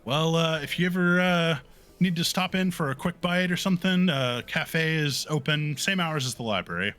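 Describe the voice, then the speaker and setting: A man voicing a small, harried female gnome librarian who rambles through fillers in a high, squeaky voice. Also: normal speed, a bit bright, soft background music, natural voice. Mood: chatty.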